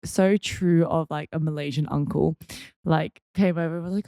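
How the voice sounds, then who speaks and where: A woman's voice: sits low, fairly even intonation, normal speed, warm tone, dry recording, studio quality. A young woman host chattily telling funny stories on her podcast, with lots of fillers and self-mocking asides. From Australia. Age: young adult. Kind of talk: casual storytelling.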